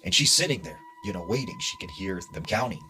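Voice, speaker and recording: A man narrating a spooky true story in a hushed, dramatic way with casual fillers. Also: very high voice, huge pitch swings, fairly quick, a little hiss or hum.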